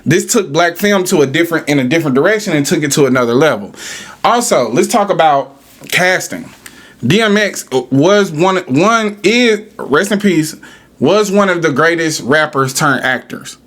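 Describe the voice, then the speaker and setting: A man's voice: fairly high pitch, expressive, normal speed, fairly bright tone. A man hosting a podcast, ranting in a casual, profane, argumentative way. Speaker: podcast host.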